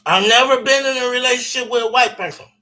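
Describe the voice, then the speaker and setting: Man, high-pitched voice, bright tone, animated, profane, repetitive storyteller, casual chat. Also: fast, rough recording.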